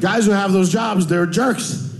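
A man doing a stand-up comedy set, ranting, with sudden loud yells, recorded live in a comedy club. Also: high-pitched, a little slow, vocal fry, over a noisy crowd. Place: comedy club stage with audience.

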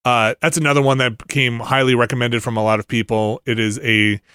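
A middle-aged man rambling through a casual podcast chat, full of restarts and filler words. His voice sits at a middle pitch and is recorded dry and close, with no room sound. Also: flat delivery, a little fast, bright, forceful tone, smooth, no echo. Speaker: podcast co-host. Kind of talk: casual chat about video games.

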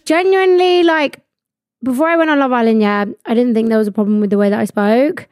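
A young English woman in her 20s hosts a podcast, talking in a slightly high, darkish, smooth voice at a brisk pace. Her casual chat is blunt, sweary and full of "like" and laughter, recorded with no echo and faint music in the background.

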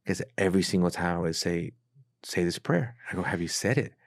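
A man with a deep, low voice tells his own story as a podcast guest. He speaks earnestly and casually, lowering his voice whenever he acts out a conversation. The sound is dry and close to the mic. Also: level tone, quick pace, no room sound. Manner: earnest storyteller who acts out quoted dialogue in a hushed voice. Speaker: pastor. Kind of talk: casual testimony in a podcast interview.

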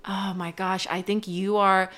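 An earnest woman coach talking on a podcast at a middle pitch. She lays out her points with steady emphasis, pushing them harder as she goes. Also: unhurried. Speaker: guest coach. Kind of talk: casual podcast chat.

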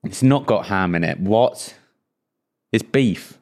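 A man's voice: on the low side, animated, slow pace, a little mellow. A young man co-hosting a podcast, insistently explaining and arguing his points. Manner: argumentative, explains with emphatic certainty. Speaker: podcast co-host. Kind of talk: casual chat.

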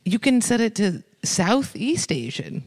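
A man guesting on a late-night podcast, telling blunt deadpan jokes and stage stories. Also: high voice, measured pace. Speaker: comedian guest. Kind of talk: casual late-night chat.

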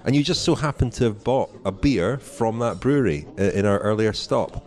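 Low-ish male host, genial and wry, casual restaurant podcast. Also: lively intonation, moderate pace. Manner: genial, wry, leads the conversation. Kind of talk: hosting a casual podcast chat. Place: small restaurant.

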